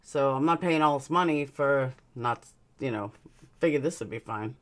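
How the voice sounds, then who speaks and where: Her voice rumbles low at a moderate pace while she runs a laid-back live stream, reading messages from chat and speaking bluntly. A slight lisp comes through, caused by her dental aligners.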